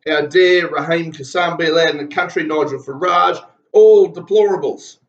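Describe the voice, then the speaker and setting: A man's voice: fairly high pitch, moderate pace. A man with an Australian accent delivering heated, blunt and profane political commentary. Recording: roomy, dull lo-fi sound.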